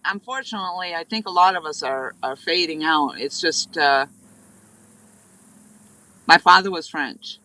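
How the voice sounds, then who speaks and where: A New Hampshire woman livestreams casually from a riverbank while fishing, rambling through stories and greeting viewers by name. Her low-pitched voice sounds pushed and bright, a little slow with frequent pauses. The recording quality is low.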